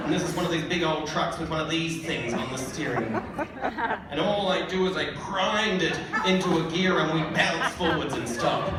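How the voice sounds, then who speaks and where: High-voiced storyteller on stage. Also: male voice. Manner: vivid, rapid retelling with repeated restarts. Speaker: storyteller comedian. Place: live stage. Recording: echoey hall from far off, audience noise.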